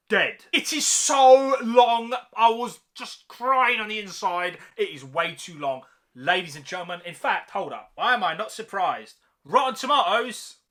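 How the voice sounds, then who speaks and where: A man's voice: sits high, bright, forceful tone. A man ranting through a vlog of movie reviews, slangy and mocking with big exaggerations.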